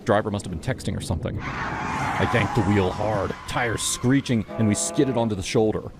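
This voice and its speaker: A man narrating a first-person horror story in a measured, dramatic way. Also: lowish voice, noisy background. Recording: music playing behind.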